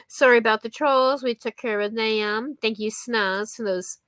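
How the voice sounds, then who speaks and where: A woman's voice: a little high, fairly even intonation, slow, a bit bright, no room sound. A chatty woman on a live stream talks casually with her viewers. She giggles often and thanks people by name. Her voice sounds dry and close, with little room around it.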